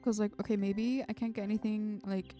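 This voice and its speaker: A woman's voice: medium pitch, level tone, a little fast, mellow, faint music behind. A woman streamer chatting casually through gameplay, muttering to herself and swearing now and then.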